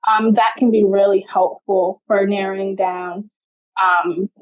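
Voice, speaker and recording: A woman's voice: mid-range voice, fairly even intonation, unhurried, narrow, tinny audio. A young adult woman, a genetic counselor, answering interview questions in a chatty way, often saying "like".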